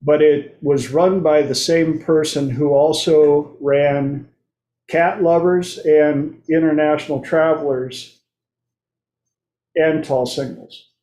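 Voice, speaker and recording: A man's voice: a little high, fairly even intonation, slow pace, warm tone. A man hosting his own talk show, speaking in a loose, playful monologue and acting out quoted voices now and then. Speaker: host. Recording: roomy echo.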